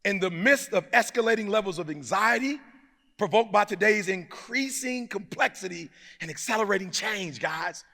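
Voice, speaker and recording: A man giving a live motivational speech to an audience, moving from low, close talk to shouted call-and-response, in a preacher-like manner. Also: animated, moderate pace, creaky. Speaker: motivational speaker. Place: large hall before a live audience.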